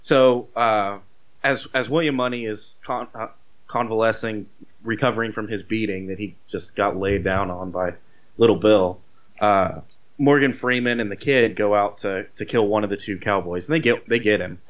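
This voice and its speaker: A man casually retelling a movie plot, rambling and animated, with swearing. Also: fairly low pitch, normal speed, muffled recording. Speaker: podcast co-host.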